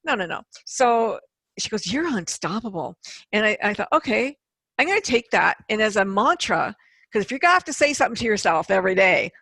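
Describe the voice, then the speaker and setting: A woman's voice: medium pitch, lively intonation, brisk, creaky, fairly bright tone, no room sound. A middle-aged woman hosting an interview, telling her own story candidly and acting out the people she quotes. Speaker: podcast host. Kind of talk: casual interview chat.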